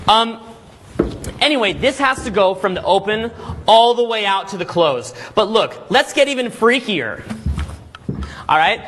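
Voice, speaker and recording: A man coaching a live seminar group, talking energetically and checking in constantly with "okay?" and "all right?", sometimes acting out quick scenes. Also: high-pitched, a bit bright, a little hiss or hum. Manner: acts out little scenes in quick put-on voices. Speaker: dating coach and boot camp instructor.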